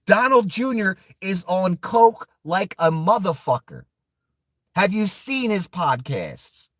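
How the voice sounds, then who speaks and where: A man rants casually and profanely, laughing as he goes and talking straight to his viewers. His pitch sits a little high and swings widely. He speaks slowly, and the recording is dry and close. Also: big pitch swings, a bit bright, no echo. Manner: profane, laughs often, mocking asides to chat. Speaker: political commentary streamer. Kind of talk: casual ranting commentary.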